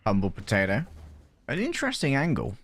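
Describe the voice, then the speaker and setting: A man casting an esports match with quick, playful play-by-play commentary. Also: medium pitch, huge pitch swings, fairly bright tone, no echo. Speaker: esports caster.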